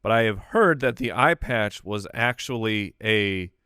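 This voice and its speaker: A man's voice: lowish voice, lively intonation, measured pace, bright, forceful tone, clean tone, dry recording, clean studio sound. An American man co-hosting a comedy podcast, telling goofy stories in playful banter. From United States. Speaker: podcast co-host. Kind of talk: casual comedy chat.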